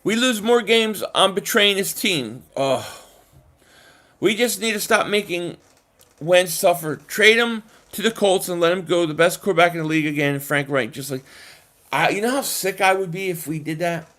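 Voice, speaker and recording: A man hosting a casual live stream, answering chat comments in an animated, emphatic way with frequent restarts. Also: sits high, normal speed.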